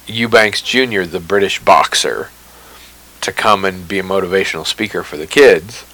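A man co-hosting a podcast, telling a story in an animated way and laughing often. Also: lowish voice, rough recording. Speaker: podcast co-host. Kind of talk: casual chat.

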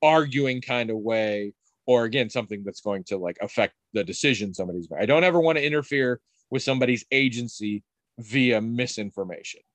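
A middle-aged man in casual conversation, telling rambling stories with frequent restarts and animated quoted voices. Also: mid-range voice, brisk, no room sound. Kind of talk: casual chat.

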